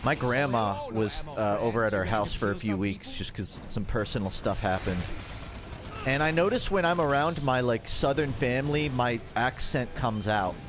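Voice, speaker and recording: A man with a Midwestern American accent rambles through a casual livestream, cracking self-mocking jokes as he plays. His pitch sits right in the middle range for a man. Faint music plays under his talk. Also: normal speed. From Georgia, United States. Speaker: streamer. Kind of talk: casual gaming livestream commentary.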